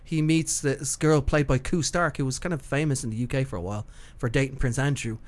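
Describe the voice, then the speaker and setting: A man's voice: medium pitch, steady tone, a little fast. A man hosting a podcast in casual, rambling chat, swearing freely and laughing easily. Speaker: podcast host.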